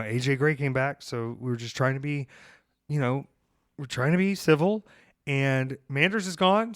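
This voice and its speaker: A man hosts a podcast, rambling through stories in an animated, profane way. His voice sits at a middle pitch and is heard close on a podcast mic. The recording is dry. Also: dry recording. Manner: rambling, animated storytelling, swearing. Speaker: podcast host. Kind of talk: casual podcast chat.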